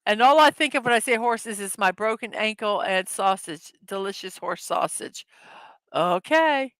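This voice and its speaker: A woman's voice: medium pitch, lively intonation, normal speed, fairly bright tone, no echo. A woman hosting a casual morning livestream, chatting loosely, laughing easily at her own jokes and correcting herself mid-sentence. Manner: rambling, self-correcting. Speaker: livestream host.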